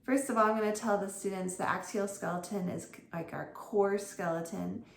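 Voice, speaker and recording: A woman's voice: medium pitch, steady tone, normal speed, creaky, a little hiss or hum. A woman homeschool tutor talking through her lesson plans for other teachers in a chatty, informal way. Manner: chatty, informal, with fillers and self-corrections. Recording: roomy echo with faint ambience.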